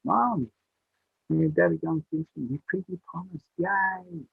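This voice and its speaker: A man voicing an excited six-year-old boy in a high, eager voice. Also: moderate pace, breathy edge, no echo. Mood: joyful. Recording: tinny phone-like sound.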